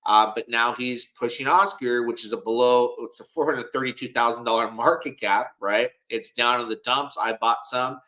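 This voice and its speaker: A man's voice: mid-range voice, steady tone, normal speed, hardly any pauses, bright, forceful tone, low-quality recording. Male livestream host, casual commentary, rambling and self-assured, keeps repeating words.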